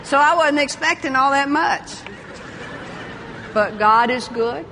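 An older woman preaching a sermon, lively, laughing often and exclaiming praise. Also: sits high, slow, big-room sound, a faint crowd, slight background noise.

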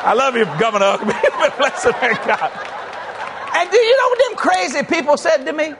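High-voiced, animated preacher man. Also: fairly quick. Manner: animated, shouting, acting out both sides of a story. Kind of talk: sermon storytelling. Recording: live with a faint crowd and noise.

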